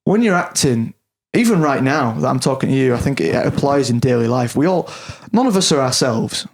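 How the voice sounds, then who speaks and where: A man's voice: medium pitch, expressive, a little fast, vocal fry. A man in his thirties with a Yorkshire accent, a guest actor talking candidly on a podcast, self-deprecating and full of restarts and swearing. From Yorkshire, England. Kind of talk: casual podcast chat.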